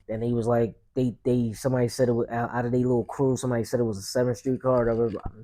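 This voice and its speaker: Young male host, mellow low timbre, rambling casual street storytelling. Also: little pitch movement, fast. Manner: loose, rambling street slang with many fillers. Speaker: podcast host.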